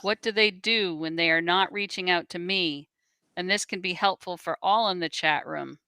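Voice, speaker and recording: Woman, co-host, reading chat messages, bright, dry close sound. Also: lowish voice, normal speed, smooth, dry recording. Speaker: co-host reading out viewer questions.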